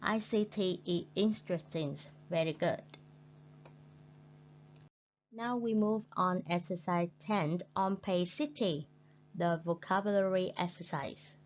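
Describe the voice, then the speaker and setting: A woman teaching English with a Vietnamese accent, speaking very slowly and patiently in a fairly low voice. She repeats each new word for her students. The recording sounds dull and lo-fi, with a faint hum underneath. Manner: slow, patient, repeats words for learners. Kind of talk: recorded classroom lesson.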